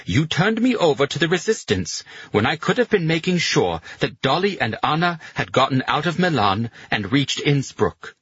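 A man's voice: a little high, sing-song, moderate pace, few pauses, fairly bright tone, slightly rough, no echo, muffled recording, voice pushed up, exaggerated voice. A man voicing a proud German general who shifts from pleading to icy and curt.

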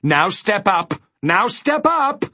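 A man doing a shrill shouting trickster creature. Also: sing-song, slow, husky, no room sound, full character voice. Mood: urging. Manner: shouting bad advice, gleeful then cold. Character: shrill male creature, mocking, deceitful.

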